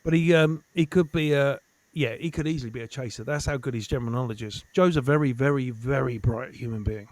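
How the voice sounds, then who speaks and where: A man from Essex, a comedian guest in casual chat who is animated, swears and repeats himself for emphasis. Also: medium pitch, fairly quick, no echo. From Essex, England.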